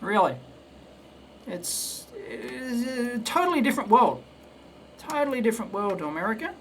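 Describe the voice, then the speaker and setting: A man's voice: extremely high pitch, sing-song, moderate pace. Australian man, casual live-stream chat, rambling, blunt, stammered restarts, faint room noise. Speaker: electronics video host.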